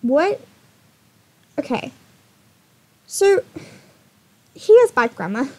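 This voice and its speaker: Young woman with a high voice, chatty storytime vlog, gets worked up and laughs a lot. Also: very slow. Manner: animated, exasperated, laughs often. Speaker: YouTuber.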